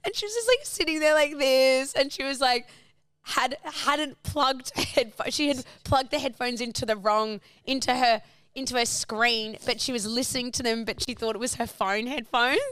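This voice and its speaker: A young Australian woman chats casually while telling a travel story, animatedly acting out quotes and laughing often. Her voice sits high and smooth, at a moderate pace, with no room sound.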